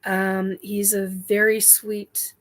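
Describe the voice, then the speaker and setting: A middle-aged woman hosting a spiritual livestream chat, talking in a halting way with many ums and self-corrections while she answers viewer questions. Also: mid-range voice, little pitch movement, a bit bright, rough recording.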